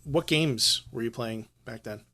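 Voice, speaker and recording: A man hosts a podcast interview in a mid-range voice. He steers the talk with relaxed, friendly questions. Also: medium pitch, measured pace. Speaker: podcast host. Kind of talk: casual interview chat.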